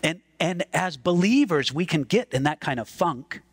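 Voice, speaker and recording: A man's voice: on the high side, expressive, moderate pace, breathy edge, dry recording. A man preaching a sermon as pastor, earnest and emphatic, repeating words as he stresses a point.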